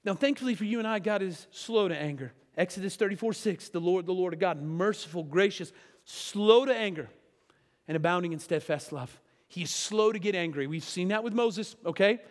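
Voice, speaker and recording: A man's voice: sits high, fairly quick, few pauses, big-room sound. A man preaching a sermon as pastor, talking to the congregation in a conversational way with frequent tag questions like "right?" and "okay?".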